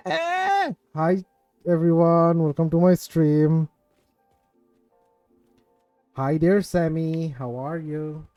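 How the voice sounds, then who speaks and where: A man's voice: fairly high pitch, fairly even intonation, takes it slowly, pauses often, mellow, clear, resonant tone, no echo, faint music behind. A man casually chatting with viewers on his game stream, rambling and self-mocking, swearing when something goes wrong. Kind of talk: casual live-stream chat with viewers while gaming.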